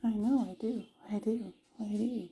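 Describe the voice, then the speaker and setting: A woman's voice: a little high, steady tone, moderate pace, noisy background. A woman at home chatting with her pet birds in coaxing baby talk. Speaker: pet bird owner, channel host. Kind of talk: casual chat with pet birds. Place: at home, indoors.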